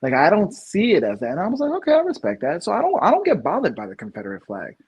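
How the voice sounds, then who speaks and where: A man in his thirties from New York co-hosts a casual podcast. His voice is a bit husky and sits a little high, and he rambles through repeated restarts before pushing out his main points. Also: wildly swooping pitch, quick pace. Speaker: podcast co-host. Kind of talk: casual opinion chat.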